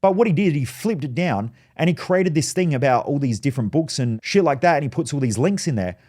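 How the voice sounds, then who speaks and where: A man, a business coach, telling a story in a blunt, animated way with a lot of swearing. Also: a little high, brisk. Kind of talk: casual monologue, storytelling.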